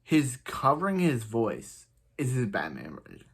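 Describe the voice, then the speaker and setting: Man, mid-pitched, rambling exasperated recapper, blunt opinions. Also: huge pitch swings, normal speed, gravelly, slightly rough. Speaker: TV show reviewer. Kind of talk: casual episode recap.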